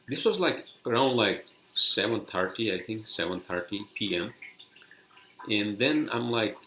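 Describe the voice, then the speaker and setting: A man's voice: fairly low pitch, expressive, normal speed, sharp tone, a little hiss or hum, low-quality recording. A man hosting a solo podcast, telling a story in a rambling, profane way with many fillers and restarts. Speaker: podcast host. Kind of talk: casual solo podcast monologue.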